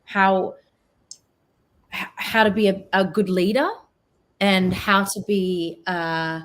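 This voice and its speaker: A woman's voice: medium pitch, fairly even intonation, slow pace, fairly bright tone. A woman with an Australian accent, a guest on an online talk show, talking earnestly and reflectively and trailing off mid-sentence. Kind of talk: casual interview chat. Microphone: video call.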